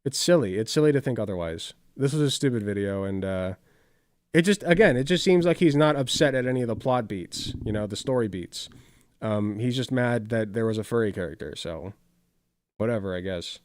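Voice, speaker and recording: A man's voice: on the low side, animated, brisk, no room sound, clean studio sound. A man chatting casually on a live stream, rambling and swearing with many filler words while reacting to videos.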